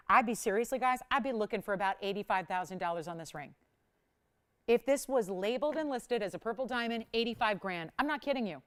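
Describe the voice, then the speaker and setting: A woman hosting a live jewelry shopping show, pitching with energy and counting prices down urgently. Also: clear, resonant tone. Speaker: shopping channel host. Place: studio.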